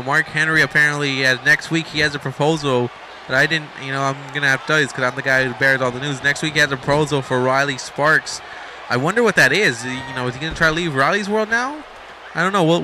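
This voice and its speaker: A man doing excited, rambling play-by-play commentary over a video game match, shouting at the big moves. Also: on the high side, noisy background.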